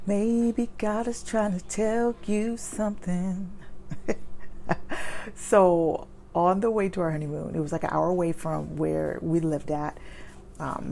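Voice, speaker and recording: A woman in her thirties, a mother, telling a personal story at home in a candid, chatty way with lots of fillers, speaking fast. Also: low voice, creaky, a little mellow, slight background noise. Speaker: vlogger. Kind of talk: personal story time, advice to viewers. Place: home with children nearby.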